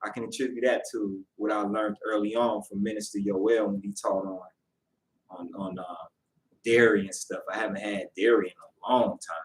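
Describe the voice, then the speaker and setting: A man's voice: fairly low pitch, little pitch movement, moderate pace. Man teaching a lesson in an echoey room. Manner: conversational, with rhetorical questions to listeners. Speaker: teacher leading a Sabbath lesson. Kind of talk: lesson with storytelling. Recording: roomy echo, mic at a distance.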